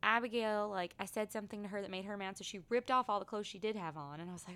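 A woman's voice: medium pitch, fast, clean tone. Chatty woman podcast co-host. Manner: animated storytelling, acts out her kids' voices. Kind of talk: casual chat.

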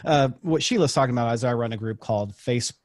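A man's voice: medium pitch, quick pace, dry recording, studio quality. A man, a podcast director, explaining his advice casually as a guest on a podcast. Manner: conversational, explains with examples, frequent restarts. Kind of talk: casual interview talk.

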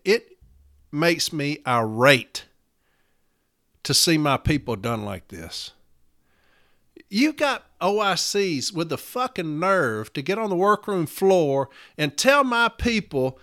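A man's voice: on the high side, big pitch swings, takes it slowly, pushed and bright. A man hosting a union podcast, delivering a profane, fired-up rallying rant.

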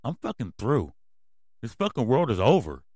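Male podcast host, dry close recording, mid-pitched, angry swearing rant. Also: huge pitch swings, moderate pace, no room sound. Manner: angry, yelling, swearing constantly. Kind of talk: profane ranting commentary.

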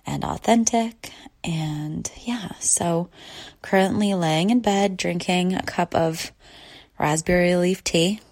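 A woman in her thirties talks from her bed in a relaxed solo podcast chat. Her voice sits low and has a gravelly fry, and she takes her time, drifting through long pauses and soft sighs. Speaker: podcast host. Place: lying in bed at home.

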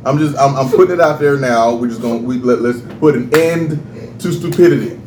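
A man co-hosting a casual podcast, ranting in an animated, profane way and laughing often. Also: medium pitch, fairly quick. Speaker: podcast co-host. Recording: roomy echo, faint background noise.

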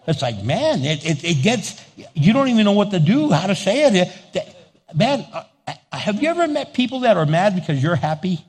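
A man's voice: high-pitched, big pitch swings, moderate pace, breathy edge, in a large hall. A man preaching a sermon as pastor, playful, acting out little dialogues and laughing often.

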